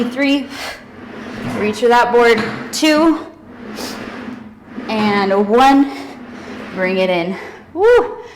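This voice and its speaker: A woman's voice: a little high, noisy background. A young woman leading a workout, counting down and cheering, out of breath at times. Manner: energetic cueing with counting and whoops. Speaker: fitness instructor. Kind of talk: workout instruction cues.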